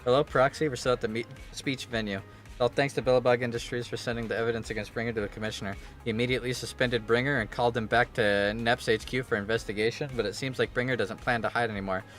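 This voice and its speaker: A man reading game dialogue aloud as a composed female special-unit officer, flat and matter-of-fact. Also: mid-range voice, fast, soft background music, lightly acted. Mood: calm report.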